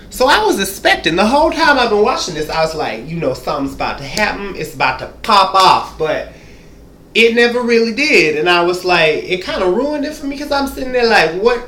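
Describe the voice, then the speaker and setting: A sassy man rambles through a comedic TV recap in a high, swooping voice, cursing freely and calling out to the viewer. His voice rings in a roomy space with faint background hum. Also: pushed and bright.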